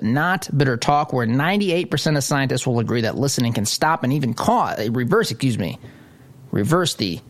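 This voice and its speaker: A male talk radio host runs a political monologue with sarcastic indignation. His voice sits at an everyday middle pitch.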